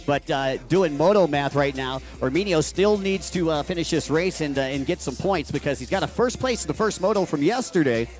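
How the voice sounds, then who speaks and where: Male announcer calling a water race, homespun, fairly high voice, faint music underneath. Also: a little fast, hardly any pauses. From Ohio. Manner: folksy, filler-heavy, excited on race action. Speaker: race commentator. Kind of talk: live sports commentary.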